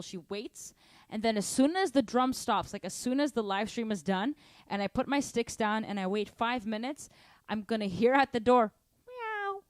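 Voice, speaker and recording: A young woman teaching a drum lesson on a live stream, energetic and chatty, counting and singing rhythms aloud between grooves. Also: fairly high pitch, no room sound. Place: home drum room. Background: drum kit.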